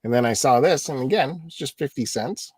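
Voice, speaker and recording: Laid back guy, mid pitch, just going thru his stuff plainly. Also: lively intonation, fairly quick, slightly rough. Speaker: co-host of a live stream show. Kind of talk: casual chat.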